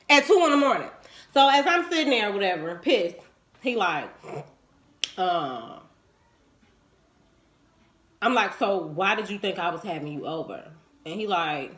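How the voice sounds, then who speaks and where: A woman, telling a candid personal story to her viewers and acting out what people said. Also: normal speed. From Chicago, US. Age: 20s. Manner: animated and frank, acting out quoted lines in swooping pitch.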